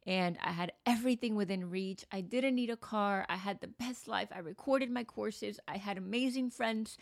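A woman's voice: mid-range voice, dry recording, studio quality. A woman in her thirties hosting a podcast, telling a personal story in an earnest, emotional, reflective way. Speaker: podcast host and coach.

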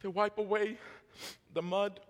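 A man's voice: high voice, flat delivery, measured pace. A man, a pastor, giving a sermon testimony in a fervent storytelling manner with repetitions and laughs. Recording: long hall reverb.

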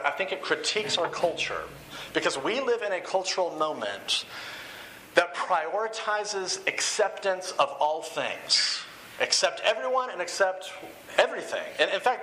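A male pastor delivers a sermon in a relaxed, conversational way, full of fillers and repeated phrases. His voice sits a little high and sounds bright and forceful. The recording carries a roomy echo and a faint hiss. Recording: echoey room with faint hiss.

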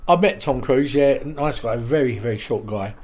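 Lively man telling stories. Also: mid-range voice, moderate pace. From England. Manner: animated anecdotes with quoted voices and laughs. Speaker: interview guest. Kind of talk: casual storytelling.

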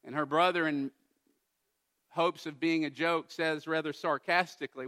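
Bright-voiced male preacher. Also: on the high side, steady tone, moderate pace. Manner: earnest, builds to emphatic exhortation. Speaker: pastor. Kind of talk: sermon.

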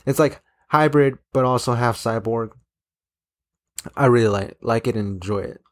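A man's voice: medium pitch, normal speed. A man casually recapping a comic chapter, rambling with lots of fillers and restarts. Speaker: manga chapter reviewer. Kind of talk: casual recap, reading quotes aloud.

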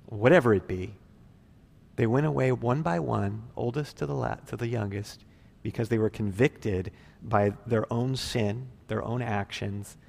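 A male pastor preaching a sermon expressively, swinging from loud emphasis to quiet, near-whispered passages. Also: medium pitch, measured pace, gravelly.

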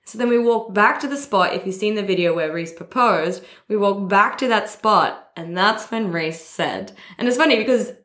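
A woman hosting a podcast, telling a story in a bubbly, excitable way and laughing often. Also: mid-range voice, normal speed, few pauses, reverberant. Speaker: podcast host. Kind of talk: casual storytelling chat.

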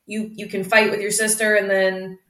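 A woman's voice: mid-range voice, flat delivery, moderate pace, a bit bright. Chatty young woman in an echoey room. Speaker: host. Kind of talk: casual chat.

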